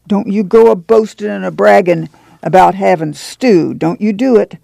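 A man's voice: sits high, moderate pace, vocal fry, a little mellow, no echo, clean studio sound. A man reading the part of a proud, bitter migrant mother in curt rural speech.

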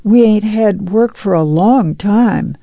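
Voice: mid-range voice, takes it slowly, vocal fry, dark tone, no echo, highs cut off, voice pushed up. A reader voicing a poor, timid mother, pleading in a meek, whining voice.

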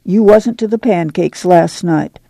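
Give me a man putting on a brisk, determined farm mother. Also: high-pitched, vocal fry, mellow, no echo, heavily acted. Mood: firm, urging. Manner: plainspoken rural dialect.

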